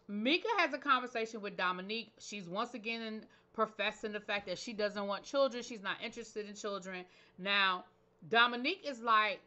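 A woman's voice: medium pitch, normal speed, bright, forceful tone, highs cut off. A woman hosting her own channel, recapping a reality show episode in a casual, opinionated way with slangy asides. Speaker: TV show reviewer, channel host.

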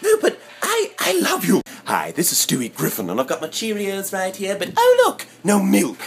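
Stewie, a posh sinister baby. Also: male voice, high-pitched, huge pitch swings, normal speed, gravelly, exaggerated voice. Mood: bratty. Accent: put-on posh English. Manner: haughty, theatrical, sudden squeals. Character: bratty scheming baby boy, pompous and sinister. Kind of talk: comedy sketch impression.

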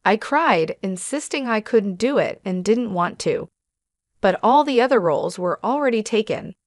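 A woman's voice: medium pitch, lively intonation, normal speed, no echo. Woman narrating a story, dry sound. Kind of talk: scripted first-person narration.

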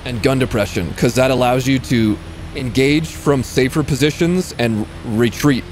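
A man's voice: mid-range voice, normal speed, slight background noise. A male streamer giving casual, chatty live commentary while he plays, answering his chat between moments of the match.

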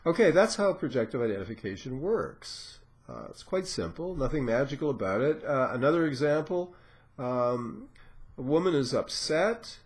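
A man giving an informal lecture, explaining step by step with frequent pauses and filler sounds. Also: mid-range voice, sing-song. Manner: explanatory, unhurried, many "uh" and "um" pauses; acts out patient dialogue in a raised voice. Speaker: lecturer on psychoanalysis.

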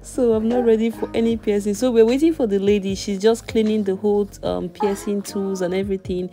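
A woman's voice: medium pitch, fairly even intonation, fairly quick, warm tone. A young adult woman chatting casually in a voice-over about her baby's ear piercing, breaking into small laughs.

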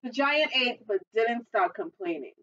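A woman's voice: on the high side, animated, measured pace, fairly bright tone, far from the mic, dull audio. A woman librarian reading a picture book aloud at storytime, adding chatty asides to the children.

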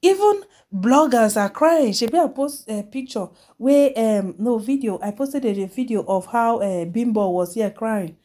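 A woman's voice: on the high side, measured pace, few pauses, warm tone. A woman blogger with a Nigerian Pidgin accent gives casual commentary, chatty and switching between Pidgin and English. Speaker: celebrity news blogger.

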